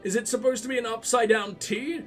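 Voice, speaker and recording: A high-voiced man riffing through a let's play, sarcastic and swearing freely as he mocks the characters he meets. His commentary is loose and animated. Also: fast talker, faint music behind. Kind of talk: casual gameplay commentary.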